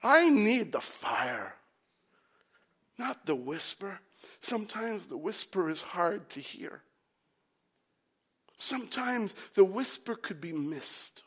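High-voiced preacher swinging whisper to shout. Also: male voice, very animated, breathy edge. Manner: dramatic pauses, slow deliberate phrasing. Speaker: pastor. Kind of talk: sermon.

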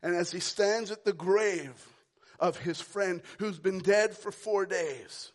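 A pastor preaching a sermon, moving from quiet, low lines to loud, ringing calls. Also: male voice, slow pace. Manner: preaching with big swings from soft to loud.

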